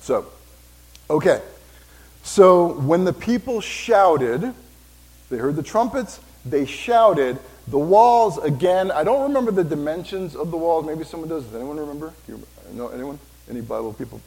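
A pastor preaching a sermon in a church, talking casually with asides and questions for the congregation. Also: male voice, a little high, expressive, moderate pace, gravelly, a little mellow, low-quality recording.

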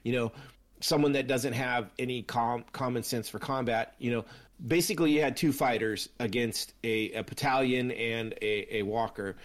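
A man's voice: medium pitch, steady tone, normal speed. A man co-hosting a casual chat about a TV series, telling stories animatedly with many restarts. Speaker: podcast co-host.

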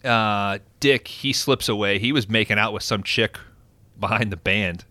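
A man hosting a podcast, giving an excited, profane, casual recap of a movie plot. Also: lowish voice, unhurried, no echo. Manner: excited and profane, animated storytelling. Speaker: podcast host.

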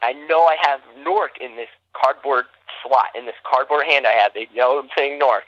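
A man's voice: normal speed, no echo, muffled recording. A man from New Jersey, a podcast guest, telling a story in casual conversation and acting out the quotes with big swings in his voice. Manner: animated, acts out quotes with big jumps in pitch.

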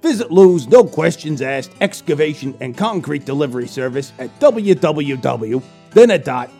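A man putting on a shady excavation company owner in a loud, pushy mock radio ad. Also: animated, normal speed, soft background music. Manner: loud, pushy sales pitch.

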